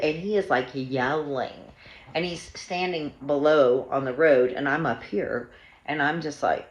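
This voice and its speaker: A woman's voice: deep voice, normal speed. A woman in her sixties chatting in a rambling, casual vlog at home. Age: 60s. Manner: rambling, chatty storytelling with fillers. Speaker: family vlogger. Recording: echoey room, faint noise.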